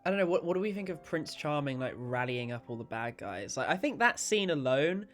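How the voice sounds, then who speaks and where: A man's voice: fairly high pitch, very animated, a little fast, a bit bright. Brief: young male podcast host, casual chatty film talk, crude, laughs a lot, faint music behind. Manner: chatty, swearing, laughing often. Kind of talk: casual podcast chat about films.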